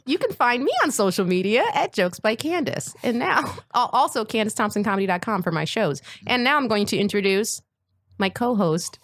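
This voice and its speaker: A woman's voice: medium pitch, lively intonation, a little fast, a bit bright, no echo. A woman hosting a podcast, bubbly and often laughing as she chats casually. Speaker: podcast host.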